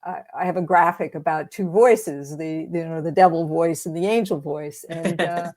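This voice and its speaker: A woman grief coach speaks as a podcast guest, her voice sitting a little low. She explains things reflectively, pausing with fillers as she thinks aloud in a casual conversation. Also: darkish tone. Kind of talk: casual interview chat.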